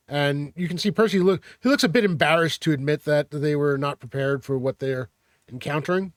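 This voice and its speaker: A man narrating a tabletop game as game master, halting, with many fillers. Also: a little high, no echo, clean studio sound.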